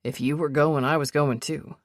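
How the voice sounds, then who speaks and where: Woman doing a gruff protective storm chaser. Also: steady tone, moderate pace, no room sound, clean studio sound, natural voice. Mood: teasing. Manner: low growling tone, tender under strain.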